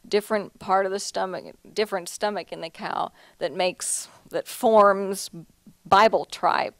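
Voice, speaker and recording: A woman artist talks casually about her paintings. Her voice sits low and the sound is close and dry, with no room around it. She chats along loosely, often laughing and restarting her sentences. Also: vocal fry, no room sound. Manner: chatty, laughs often, many restarts and "you know". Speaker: artist giving a talk. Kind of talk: casual gallery talk. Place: museum lecture hall.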